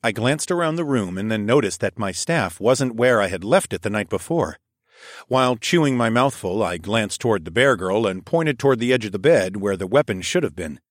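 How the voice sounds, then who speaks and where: Steady male audiobook narrator. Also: fairly low pitch, brisk, dry recording, studio quality. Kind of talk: first-person audiobook narration.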